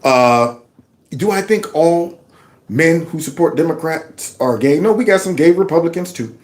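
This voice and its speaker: A man's voice: on the high side, lively intonation, moderate pace. A man hosting a casual opinion commentary show, emphatic and given to repeating his phrases. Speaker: commentary channel host.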